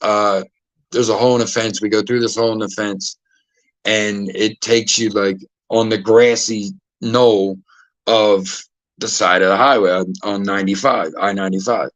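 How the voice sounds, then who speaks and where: A man's voice: lowish voice, fairly even intonation, moderate pace, a bit bright, no echo, poor audio. Man telling rowdy stories. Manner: profane, acts out quoted voices. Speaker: podcast host. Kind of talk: casual storytelling.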